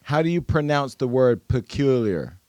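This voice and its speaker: A man hosts a podcast in loose, playful chat, laughing and swearing along the way. His voice sits in a middle pitch. The mic sound is close and dry. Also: very animated, moderate pace, a little mellow, no echo. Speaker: podcast host. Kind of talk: casual chat.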